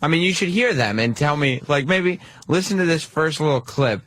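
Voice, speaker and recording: A man on a radio show reviewing another program, speaking in a hesitant, halting way. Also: on the high side, expressive, a bit bright, no room sound. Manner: hesitant, halting, full of fillers. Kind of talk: casual studio discussion. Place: radio studio. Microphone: studio microphone.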